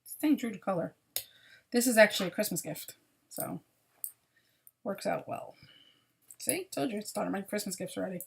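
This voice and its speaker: A woman's voice: mid-range voice, lively intonation, normal speed, vocal fry, pauses often, slight background noise. A woman hosting a crochet video podcast, chatting casually and apologetically about her projects, sounding tired.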